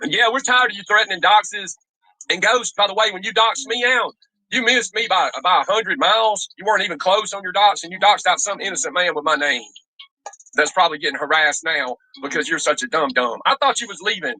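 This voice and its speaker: Male panelist, high and sharp voice, combative and foul-mouthed. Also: brisk, dry recording, poor audio. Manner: confrontational, profane. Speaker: stream panelist. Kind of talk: heated panel argument.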